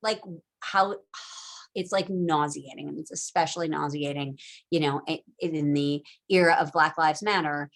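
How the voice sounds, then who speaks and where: A woman's voice: low voice, steady tone, a little slow, vocal fry. A woman teaching a casual recorded lecture, chatty and full of asides and fillers.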